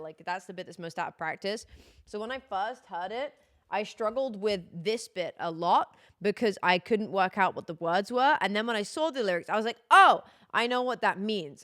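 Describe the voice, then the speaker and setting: A woman's voice: mid-range voice, a bit bright, dry recording, studio quality. A young British woman streaming a game, chatting casually in a rambling, self-correcting way. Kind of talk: casual chat while gaming.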